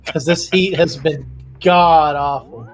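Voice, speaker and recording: A man co-commentating a live speedrun race, excitable and bantering, cheering big plays. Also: fairly high pitch, takes it slowly, faint music behind. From Midwest. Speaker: game co-commentator.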